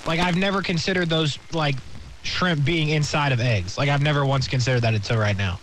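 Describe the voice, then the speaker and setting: A male radio co-host with a fairly high voice who answers in short, dry, wry lines. Faint rain noise lies beneath the conversation. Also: fairly quick. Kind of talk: casual radio chat.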